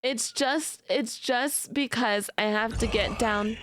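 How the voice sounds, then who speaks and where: A woman's voice: fairly high pitch, takes it slowly, fairly bright tone, slight background noise. A young adult woman streamer chatting casually with her audience, giggly and playfully teasing. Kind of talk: casual live-stream chat.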